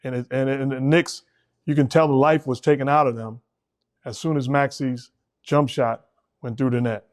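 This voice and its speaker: A man's voice: medium pitch, fairly even intonation, normal speed. A middle-aged man hosting a casual basketball talk show, speaking emphatically and repeating words when he presses a point. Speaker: host, former coach.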